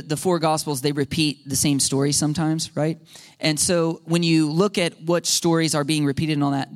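High-voiced animated man preaching. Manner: animated, rising to shouts when quoting demons; asks the congregation questions, fillers like right and okay. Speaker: pastor. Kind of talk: sermon.

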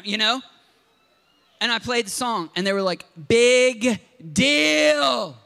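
A pastor from Southern Ohio preaching a sermon and mixing scripture with personal stories. His voice sits high for a man and has a bright, forceful ring. He talks in an impassioned, conversational way. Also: normal speed, clean tone.

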